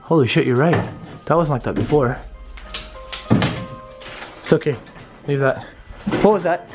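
Over music, a young man with a fairly high-pitched voice talks a little slowly. He's the host of a ghost-hunt vlog, nervous and repetitive, addressing viewers straight on from inside a run-down house's basement.

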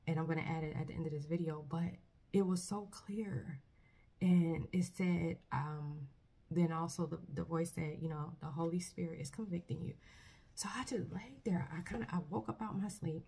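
Low, husky-voiced woman sharing earnestly. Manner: earnest, halting, soft-spoken with many restarts. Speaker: vlogger. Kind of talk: personal faith testimony, casual talk.

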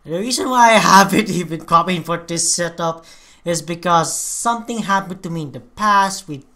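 A woman hosting a casual reaction video, excitable and swearing freely. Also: lowish voice, moderate pace.

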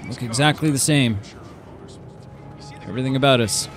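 A man's voice: medium pitch, moderate pace, over music. A young man giving casual, jokey commentary while playing a video game, talking to himself as he goes. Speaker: gaming YouTuber. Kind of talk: casual let's play commentary.

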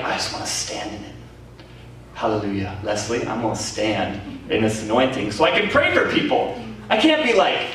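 A man with a Canadian accent preaching a sermon as pastor, telling stories in an animated way with laughter and exclamations. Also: mid-range voice. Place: church meeting hall. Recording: echoey room from far off, faint noise.

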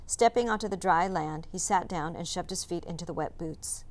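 A woman teacher reading a chapter book aloud, narrating in a calm, measured way. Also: fairly low pitch. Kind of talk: storybook read-aloud narration.

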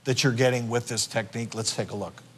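A man's voice: medium pitch, steady tone, fast, a bit bright, a little hiss or hum. A man co-hosting a TV talk show, chatting in an upbeat, conversational way. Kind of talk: studio talk.

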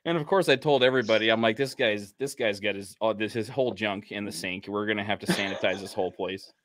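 A man's voice: fairly low pitch, quick pace, fairly bright tone, dry recording. A man who works as a police officer, telling stories in a laid-back, casual chat full of "you know" fillers. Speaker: podcast host, police officer.

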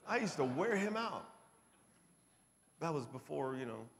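A middle-aged man with a high voice gives a personal testimony at a conference. He moves from hushed to forceful and emotional. His words ring out with a long reverb across a large hall. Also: big pitch swings, a little slow, gravelly, very noisy. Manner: emotional, builds from quiet to loud. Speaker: conference speaker. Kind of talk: testimony talk.

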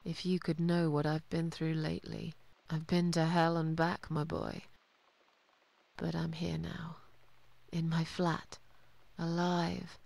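An actress playing a weary, bitter cat lady, low and brooding. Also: monotone, slow, gravelly, darkish tone, exaggerated voice.

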